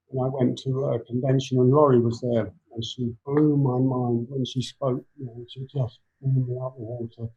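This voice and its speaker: A man in his seventies with an English accent, a guest telling his life story in a rambling, halting way full of restarts. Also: mid-range voice, warm tone, rough recording. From England. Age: 70s. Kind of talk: personal storytelling in an interview.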